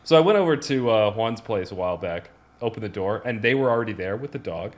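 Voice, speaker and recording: A man's voice: fairly low pitch, animated, quick pace. A man co-hosting a podcast, telling stories in a casual, rambling way with lots of restarts and fillers. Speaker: podcast co-host. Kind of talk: casual chat.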